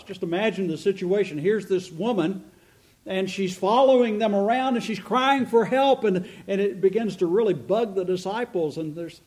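A middle-aged pastor preaches in a fairly high, light voice. He is earnest and emphatic, slows down to stress key lines, and asks the listeners rhetorical questions. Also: darkish tone. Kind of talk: sermon.

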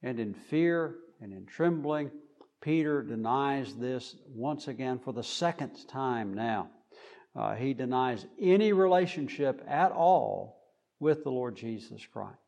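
Slow-speaking male preacher. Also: mid-range voice, expressive, creaky, darkish tone. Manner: slow, deliberate, with frequent fillers. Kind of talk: sermon.

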